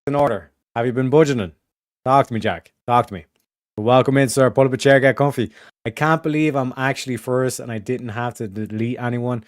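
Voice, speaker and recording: A man's voice: mid-range voice, steady tone, a little fast, no echo, clean studio sound. An Irish man hosting a stream in casual chat, rambling and swearing, repeating his catchphrases. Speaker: streamer host.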